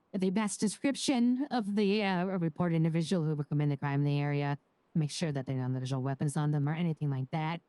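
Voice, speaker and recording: A woman's voice: low-pitched, warm tone, no echo, lightly acted. A woman playing a young law graduate in a role-play job interview, speaking hesitantly with many restarts. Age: young adult. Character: nervous young woman fresh out of law school.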